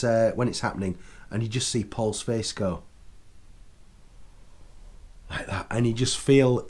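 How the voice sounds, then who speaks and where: A man's voice: mid-range voice, a little mellow. A man giving a chatty, enthusiastic spoken review, full of fillers and restarts. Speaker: video reviewer.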